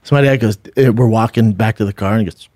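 A man's voice: on the low side, fast, a little mellow, no echo. A middle-aged man, podcast co-host, chatting casually and telling a rambling story, swearing freely. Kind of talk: casual chat and live ad reads.

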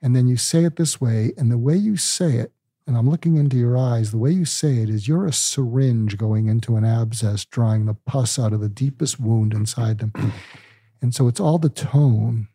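An older male psychiatrist, calm and deliberate, explaining ideas with medical analogies in an interview. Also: medium pitch, slightly rough, no room sound, clean studio sound. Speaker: psychiatrist guest.

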